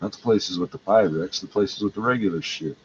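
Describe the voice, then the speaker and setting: A man's voice: deep voice, fairly quick, lo-fi sound, background noise. A man in pain, ranting in a rambling, heated and profane way. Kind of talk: angry rambling rant.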